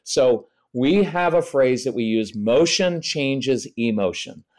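A middle-aged man appears as a parenting expert guest on a podcast, explaining things practically and acting out examples in different voices. His mid-range voice is slow and slightly dark, with lively intonation.

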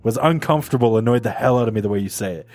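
A man co-hosting a casual chat, playful and quick to laugh, with some casual swearing. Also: medium pitch, darkish tone, dry recording.

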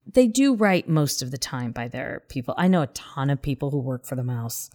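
A rumbling low, darkish voice with big pitch swings, delivered at normal speed. The speaker is a Southern-accented woman co-hosting a podcast, chatting casually and earnestly, sometimes down to a whisper.

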